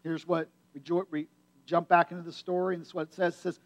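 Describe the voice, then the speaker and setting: High-voiced man preaching emphatically. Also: little pitch movement, quick pace. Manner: conversational, emphatic preaching with repetition. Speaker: pastor. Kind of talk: sermon.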